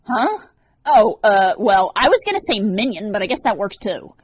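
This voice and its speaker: A woman's voice: mid-range voice, very animated, moderate pace, breathy edge, no room sound, pitched above the performer's own voice. A woman voicing a brash, sardonic teenage male demon in an audiobook. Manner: wisecracking, defensive.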